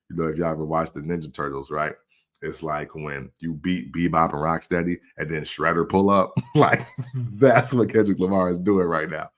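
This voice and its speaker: A man in his forties hosting a casual commentary show, laughing often and acting out quick quotes. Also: deep voice. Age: 40s. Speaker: podcast host.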